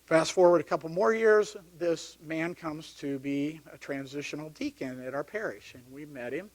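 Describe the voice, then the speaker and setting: Storytelling deacon, higher-pitched man. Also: moderate pace. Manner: storytelling, animated when recounting yelling. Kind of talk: personal testimony talk. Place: parish hall.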